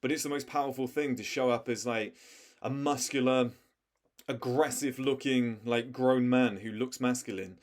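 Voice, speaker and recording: A man's voice: mid-range voice, fairly even intonation, moderate pace. A young man giving blunt, emphatic life advice in a casual monologue, with slang and swearing mixed in. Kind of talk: casual direct-to-camera advice talk.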